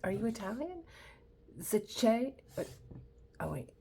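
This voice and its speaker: A middle-aged woman hosting her own craft channel, chatting excitedly through an unboxing, trailing off mid-sentence and dropping to a whisper in awe. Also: fairly high pitch, takes it slowly, vocal fry, slight background noise. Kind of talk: casual unboxing chat.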